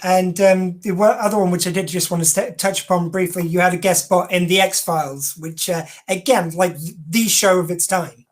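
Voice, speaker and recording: A woman's voice: on the low side, fairly even intonation, moderate pace, few pauses. A woman hosting a casual interview, asking upbeat, enthusiastic questions. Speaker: interview host.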